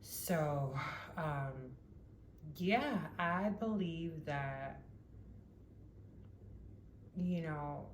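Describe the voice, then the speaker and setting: Low-voiced woman telling a rambling story. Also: extremely slow, long pauses. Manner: rambling, many "like" fillers, laughs often. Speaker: vlogger. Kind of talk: casual storytelling monologue. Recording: echoey room with faint noise.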